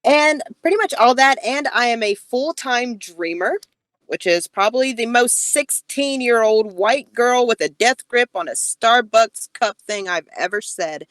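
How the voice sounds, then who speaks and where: A woman's voice: a little high, animated, unhurried, fairly bright tone, no echo, poor audio. A woman co-hosting a podcast in casual chat, playful and teasing, laughing often. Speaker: podcast co-host.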